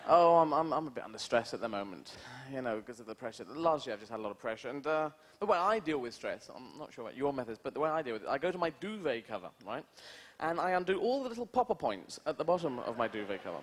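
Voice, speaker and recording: A man's voice: medium pitch, very animated, quick pace, hardly any pauses. A man doing a surreal stand-up routine, rambling through absurd asides with lots of "you know". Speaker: stand-up comedian. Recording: noisy old TV broadcast, live audience.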